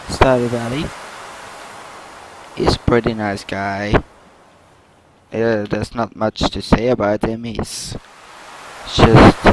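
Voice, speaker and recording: A man casually chatting and explaining gameplay while he plays, with loud noise in the background. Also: on the low side. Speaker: gameplay video host. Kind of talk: game commentary.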